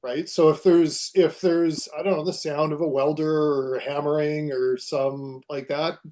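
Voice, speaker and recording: Male co-presenter, warm tone, halting delivery. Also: fairly high pitch, steady tone.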